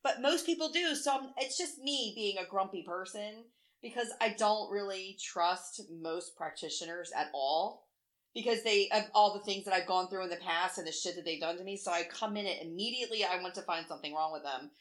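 Woman, 40s, podcast co-host; bright, forward voice; blunt, profane storyteller who acts out quotes. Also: medium pitch, fairly quick. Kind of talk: casual chat.

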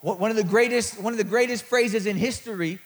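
High-voiced man preaching a rousing sermon. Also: a little fast. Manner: rousing, builds to loud peaks, repeats word starts, jokes with the crowd. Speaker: guest preacher.

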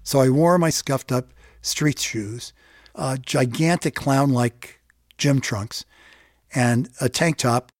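Slow, reflective male storyteller. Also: medium pitch, no room sound, clean studio sound. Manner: reflective, halting, with fillers. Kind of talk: personal storytelling. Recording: music bed underneath.

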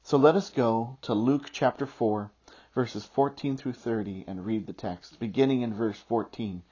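A man's voice: mid-range voice, measured pace, warm tone, breathy edge. A middle-aged man preaching a sermon as a pastor, telling a self-deprecating story before turning earnest. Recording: muffled lo-fi recording.

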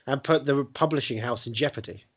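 A man's voice: mid-range voice, a little fast, fairly bright tone, husky. A man co-hosting a podcast, chiming in with sarcastic jokes and wisecracks. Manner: sarcastic joking interjections. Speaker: podcast co-host. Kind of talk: casual chat.

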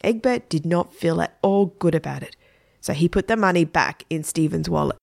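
A woman narrating a children's story in a plain, even manner. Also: on the low side, normal speed, gravelly, dry recording, studio quality.

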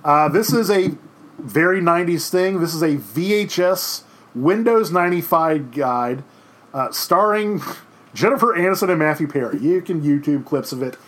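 A man's voice: a little high, lively intonation, moderate pace, fairly bright tone. A man in his thirties giving a conversational history lecture from home, rambling and restarting with lots of fillers. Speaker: teacher. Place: home during quarantine.

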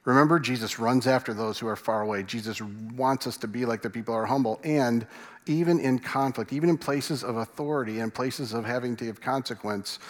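Guy preaching in church, chatty, asks the crowd stuff, mid pitch, long echo. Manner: conversational, asks the congregation questions. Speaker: pastor. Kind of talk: sermon. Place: church sanctuary. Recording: long reverb in a large hall.

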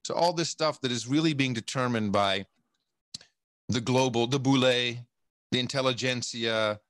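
A man on a podcast, talking in a rambling, animated and profane way, restarting his sentences often. His voice sits at an ordinary middle pitch. The sound is dry and close, with no room echo. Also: normal speed. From United States. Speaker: guest. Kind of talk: casual podcast conversation.

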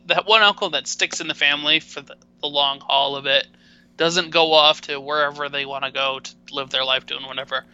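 Brief: male co-host, sharp bright tone, rambly and self-deprecating, lo-fi mic. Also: a little high, clear, resonant tone. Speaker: podcast co-host. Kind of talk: casual hockey chat. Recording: dull, muffled mic sound.

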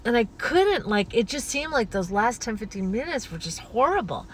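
Gentle, earnest woman podcast host. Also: fairly high pitch, very animated, moderate pace, heavy background noise. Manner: gentle, flowing and earnest, with many soft asides. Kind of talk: spiritual podcast monologue.

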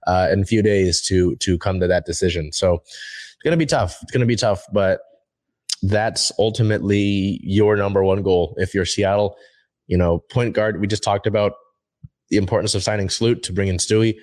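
Young male sports show host, low voice, dry close sound, loose rambling delivery with restarts. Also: normal speed, darkish tone, dry recording. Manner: rambling, many fillers and restarts. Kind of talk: casual sports talk show.

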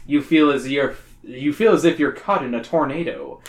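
In an echoey room, a woman with a very deep voice hosts a podcast, reading a kids' horror book aloud at a moderate pace. She breaks off for jokes, making it a comedic read-aloud.

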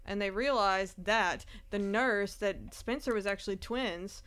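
A woman's voice: medium pitch, a little slow, a bit bright, clear, resonant tone. A woman co-hosting a casual show recap with wry, sarcastic asides. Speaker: podcast co-host.

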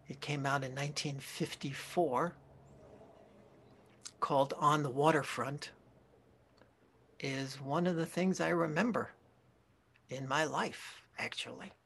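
A man gives a dharma talk as a Zen teacher, taking his time and pausing to correct himself. His voice sits a bit high and sounds soft and husky. He speaks very slowly and deliberately. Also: fairly even intonation. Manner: slow, reflective, with pauses and self-corrections.

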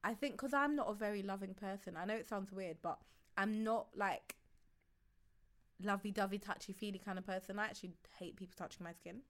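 A woman's voice: medium pitch, brisk. Casual podcast co-host, woman, frank and reflective, mid-range voice. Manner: frank, reflective, talks at length. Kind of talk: casual chat.

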